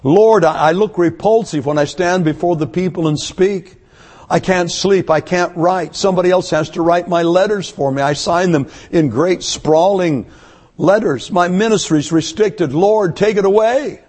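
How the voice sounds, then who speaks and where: A man's voice: high voice, normal speed, a little mellow. A man preaching a sermon, voicing an ailing apostle who pleads with God in a frustrated prayer. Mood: pleading.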